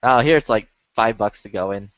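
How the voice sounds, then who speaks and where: A man's voice: lowish voice, a little fast, dry recording. Swearing man in casual lo-fi chat. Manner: swears a lot, rambling storytelling. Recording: dull lo-fi stream audio.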